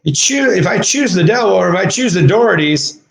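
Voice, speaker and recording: A man rants in an emotional monologue, cursing as he lurches between quiet mutters and raised shouting. His voice sits a little high for a man and swoops all over the place. The sound rings around an echoey room. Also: lively intonation, brisk, vocal fry. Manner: agitated, swearing, swings from low mutters to shouting.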